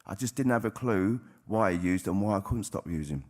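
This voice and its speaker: Deep-voiced man, blunt testimony. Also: lively intonation, fairly quick, darkish tone. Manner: blunt, plain-spoken, with frequent swearing. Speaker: recovering addict sharing at a convention. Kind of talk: candid personal testimony to an audience.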